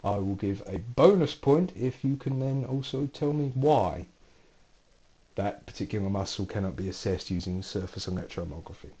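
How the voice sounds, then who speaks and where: Lively lecturer reading quiz questions. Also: male voice, on the low side, moderate pace, dull audio. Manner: playful, dry asides, corrects himself mid-question. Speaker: university lecturer.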